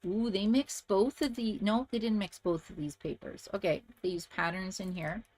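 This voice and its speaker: Woman craft host, chatty and upbeat, speaking straight to her viewers in a middle pitch. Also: steady tone, moderate pace, a little mellow. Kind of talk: casual chat showing handmade card samples.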